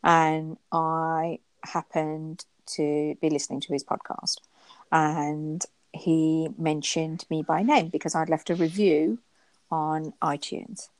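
A woman co-hosting a casual chat, telling stories with lively bursts when she quotes herself. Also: takes it slowly, dry recording. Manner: animated storyteller, jumps high for quoted exclamations. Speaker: podcast co-host.

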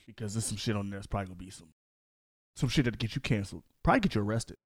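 A man co-hosting a podcast, reacting loudly and profanely in casual banter. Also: on the low side, lively intonation, very fast, slightly rough, no echo, clean studio sound. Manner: loud, profane, reacts with outbursts. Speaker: podcast co-host.

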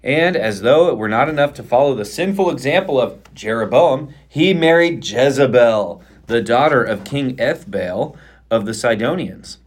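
Man reading scripture with lively pitch. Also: moderate pace, slightly rough. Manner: expressive reading aloud, playful banter. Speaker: pastor. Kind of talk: podcast Bible reading and chat.

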